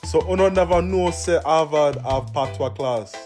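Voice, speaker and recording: A man's voice: on the high side, normal speed, a little mellow. A young man from New York talking casually on a vlog, playfully trying out patois phrasing. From Long Island, New York. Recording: music playing behind.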